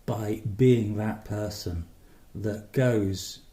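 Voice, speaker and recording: A man's voice: lowish voice, drawn-out words, mellow. A man co-hosting a podcast, talking in an earnest, encouraging way in casual chat, in a roomy recording. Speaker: podcast co-host.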